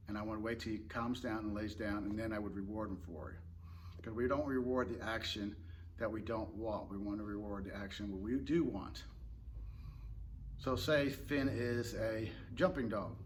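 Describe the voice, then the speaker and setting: A man who trains dogs, talking in a relaxed, rambling way and explaining tips casually with fillers and restarts. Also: lowish voice, normal speed, slight background noise. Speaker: dog trainer. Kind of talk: casual instructional talk.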